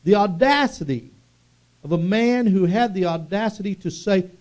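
A man preaching a sermon, emphatic and drawing out key words slowly for weight. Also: high-pitched, animated, darkish tone.

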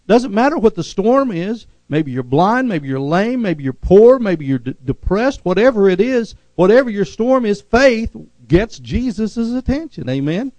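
A man preaching a sermon, calling for amens from the congregation and swinging from loud, fervent passages to quiet, lowered ones. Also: big pitch swings, moderate pace, few pauses, dry recording, rough recording. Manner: call-and-response preaching, rising to shouts then dropping low. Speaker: pastor.

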